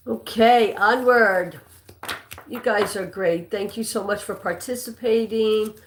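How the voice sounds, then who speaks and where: A woman's voice: mid-range voice, fairly bright tone. A woman hosting a live trivia stream, chatting casually and reading out viewer names and answers, with a non-native English accent. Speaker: livestream trivia host. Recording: echoey room.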